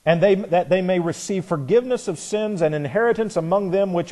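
Mellow-voiced man preaching a Bible lesson. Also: high voice, brisk. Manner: conversational, reads scripture then comments. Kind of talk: expository sermon.

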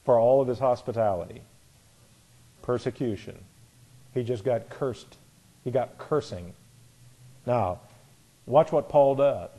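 A man's voice: mid-range voice, takes it slowly, long pauses, breathy edge, highs cut off. A man preaching a sermon, reading scripture aloud and explaining it in a conversational way. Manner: conversational, reads scripture then comments. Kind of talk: expository sermon.

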